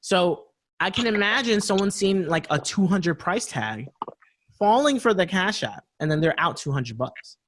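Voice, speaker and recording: A man's voice: sits high, lively intonation, moderate pace, fairly bright tone, slight background noise. A man co-hosting a casual podcast chat, telling a story in loose slang and acting out both sides of a conversation. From United States. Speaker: podcast co-host.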